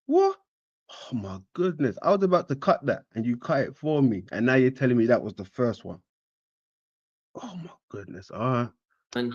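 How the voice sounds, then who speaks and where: A man co-hosting a show, reacting to songs in a casual, animated, teasing way. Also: medium pitch, a little fast, dry recording, muffled recording.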